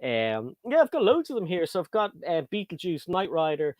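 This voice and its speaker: Irish male host, high-ish animated voice, dry sound, chatty. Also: moderate pace, dry recording. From Ireland. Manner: chatty, reads out viewer comments. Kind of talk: casual chat on a livestream.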